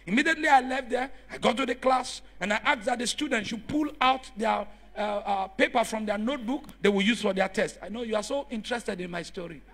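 A man preaching a sermon in church, telling stories and rising to shouts as he calls on the congregation. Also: high voice, brisk, few pauses. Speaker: pastor.

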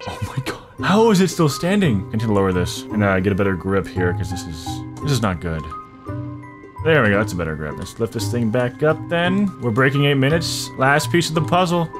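A man giving casual, excitable gameplay commentary, swearing a lot and breaking into loud frustrated outbursts. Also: medium pitch, fairly quick, music in the background. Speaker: gaming video creator.

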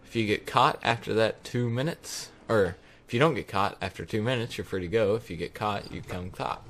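Low, bright-toned young gaming YouTuber. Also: male voice, brisk, slight background noise. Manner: rambling, many ums, laughs easily. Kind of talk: casual gaming commentary.

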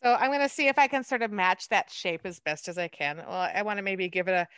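A woman art docent leading a hands-on clay lesson, chatty and quick to laugh at herself. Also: medium pitch, a bit bright, clean tone, dry recording.

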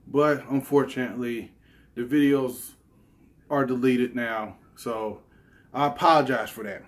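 A man's voice: medium pitch, steady tone, unhurried. A man hosting his gaming channel, talking casually and apologetically, with many fillers and restarts. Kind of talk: casual talk to camera.

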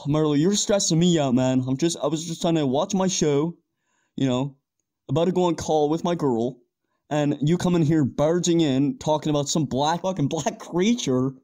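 A man voicing an easygoing young everyman in a homemade audio drama, unbothered and trying to talk his friend down. His voice is slightly high for a man. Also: normal speed, lightly acted. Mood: calming. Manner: casual, calming, unbothered. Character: laid-back young man, average buddy.

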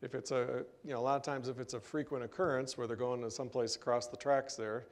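A man's voice: mid-range voice, fairly even intonation, fast. Matter-of-fact city official man. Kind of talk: answering residents at city meeting.

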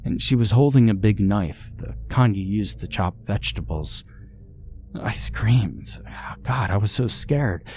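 A man's voice: lowish voice, moderate pace, few pauses, darkish tone, close to an everyday voice. A man reading the part of a frightened, tearful young woman who fled her home at night. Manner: pleading, tearful. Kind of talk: scripted horror story reading.

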